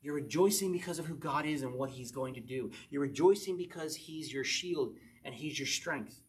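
A man's voice: fairly high pitch, moderate pace. A man preaching a verse-by-verse sermon in a conversational way, often acting out quotes in short little voices. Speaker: pastor.

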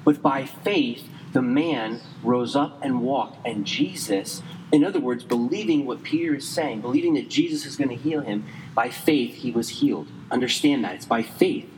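A man preaching a sermon conversationally, quick in places and slow and emphatic in others, saying he is losing his voice. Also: mid-range voice, darkish tone, long reverb tail, slight background noise, low-quality recording. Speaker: pastor.

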